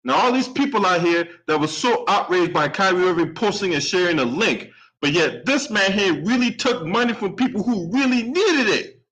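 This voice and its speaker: A man's voice: high voice, animated, normal speed, fairly bright tone, poor audio. A man delivering an angry solo sports and politics commentary rant, heated and profane, and often tagging his points with a questioning "right?". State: openly angry.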